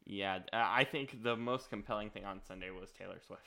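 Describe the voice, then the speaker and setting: A man co-hosting a casual sports podcast, talking emphatically, rambling and quick to joke. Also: fairly low pitch, creaky, sharp tone. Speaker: podcast co-host.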